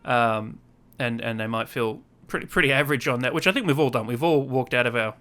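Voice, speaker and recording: Guy in his 30s hosting a chatty podcast, bright sharp voice, does little voices when he quotes people. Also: medium pitch, a little fast. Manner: animated storyteller, acts out quotes in raised voices, swears casually. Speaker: podcast host. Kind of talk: casual chat.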